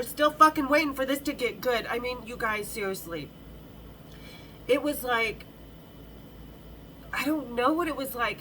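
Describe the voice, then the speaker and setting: A middle-aged woman tells a story on her podcast with bawdy frankness. Her voice is bright and a little sharp, sitting somewhat high, and she breaks off and restarts her sentences as she chats. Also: a little hiss or hum, rough recording. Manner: chatty, with many restarts. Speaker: podcast host.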